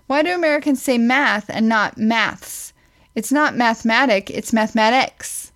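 A woman with a somewhat high voice hosts a relaxed chat. She reads questions from a list one after another. Her delivery is dry and teasing. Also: moderate pace. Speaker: podcast co-host.

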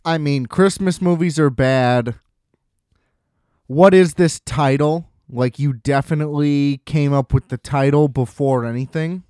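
A man's voice: a little high, measured pace, warm tone, no echo, studio quality. A man co-hosting a casual movie podcast. He rants with a lot of swearing and laughs at his own complaints. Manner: ranting, profane, laughing at his own gripes. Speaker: podcast co-host.

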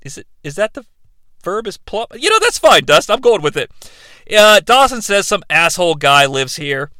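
A man's voice: high voice, very animated, normal speed, pushed and bright, no echo. A man co-hosting a podcast, giving a rambling, sarcastic recap of a TV episode and acting out the characters' lines. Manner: sarcastic, rambling, acts out dialogue. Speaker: podcast co-host.

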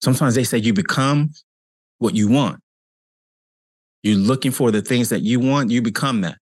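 A man's voice: on the low side, dry recording. A man who hosts a show as a cancer coach, talking earnestly and conversationally in a reflective motivational monologue, often repeating himself for emphasis. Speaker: cancer coach and podcast host.

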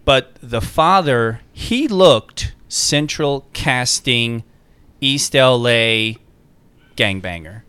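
Smooth-voiced man telling a story. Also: medium pitch, expressive, drawn-out words, bright, forceful tone, dry recording. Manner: rambling, quotes others in anecdotes. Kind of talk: casual chat, storytelling.

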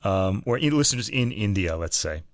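A middle-aged man with a lowish voice co-hosts a music podcast, rambling along in relaxed chat and laughing at his own jokes. The recording is dry and close, with no room sound. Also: moderate pace, no echo. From United States. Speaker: podcast co-host. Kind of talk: casual chat.

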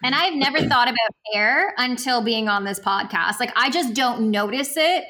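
A woman's voice: on the high side, expressive, moderate pace, pushed and bright. A woman co-hosting a podcast, reflecting thoughtfully in academic wording. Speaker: podcast co-host. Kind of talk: casual reflective chat.

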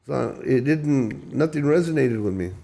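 A man's voice: medium pitch, lively intonation, unhurried, creaky, mellow. A man telling his recovery story in an emphatic, profane, emotional way, often repeating and restarting his words. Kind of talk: candid storytelling.

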